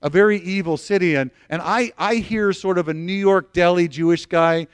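This high-pitched middle-aged pastor delivers his sermon at normal speed, smoothly and with hardly any pauses. He acts out quotes while telling lively stories, though he often restarts and repeats words. The sound is echo-free and studio quality.

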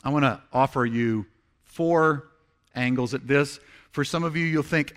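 A man's voice: medium pitch, measured pace, fairly bright tone. A man preaching a sermon as pastor, conversational and earnest, acting out heartfelt prayers.

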